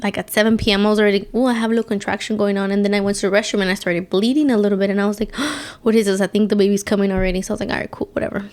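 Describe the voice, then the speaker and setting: A young woman speaks casually as a podcast guest, dropping Spanish words into her English. She tells a long personal story in a relaxed, everyday way. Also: mid-range voice, very fast, few pauses. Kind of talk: casual chat.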